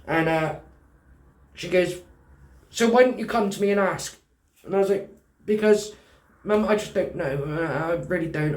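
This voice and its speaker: A man's voice: on the high side, reverberant. A man with a British accent telling a personal story in casual talk, acting out the dialogue and swearing freely. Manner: animated, swearing, acts out dialogue.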